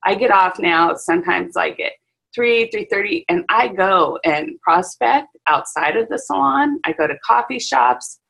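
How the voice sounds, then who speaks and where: Chatty woman with a gravelly, husky voice. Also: medium pitch, unhurried, poor audio. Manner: chatty, animated storytelling with fillers. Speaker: salon owner and hairstylist. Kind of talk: casual chat on a video call. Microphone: video call.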